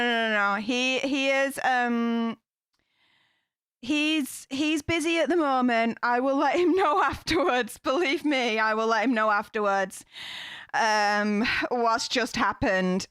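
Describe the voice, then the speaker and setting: Woman, live-stream host, casual chat, effusive, high voice, dry close mic. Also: fairly bright tone, smooth, no room sound. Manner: gushing, effusive thanks to viewers.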